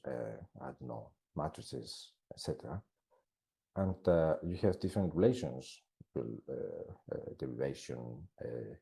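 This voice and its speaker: A man's voice: very deep voice, creaky, warm tone. A man giving a classroom lecture in English, which is not his first language, talking hesitantly with many fillers and restarts.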